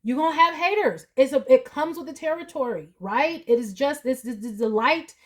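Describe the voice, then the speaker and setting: A young woman giving a casual tarot reading, animated and profane, with loud high-pitched outbursts. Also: moderate pace. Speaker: tarot reader.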